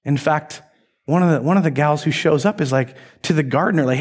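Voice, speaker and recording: A male pastor preaching a sermon, retelling a story in a lively, conversational way. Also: fairly high pitch, a little fast.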